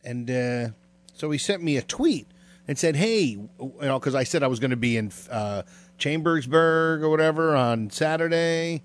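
A man co-hosting a casual podcast, rambling with lots of fillers and trailing off. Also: fairly high pitch. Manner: rambling, filler-heavy, drawn-out. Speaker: podcast co-host.

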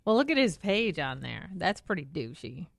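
A woman's voice: fairly low pitch, big pitch swings, normal speed, creaky, dry recording, clean studio sound. Teasing young woman co-hosting a podcast. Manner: laughs often, teasing. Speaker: podcast co-host. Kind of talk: casual podcast banter.

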